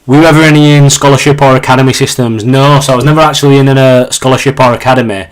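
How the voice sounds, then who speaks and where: A man's voice: mid-range voice, fairly even intonation, fast talker, clear, resonant tone. A young man in his twenties with a Yorkshire accent, casually chatting on a live stream as he plays and reads viewer questions aloud. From Yorkshire, England. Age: 20s. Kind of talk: casual live-stream chat while gaming.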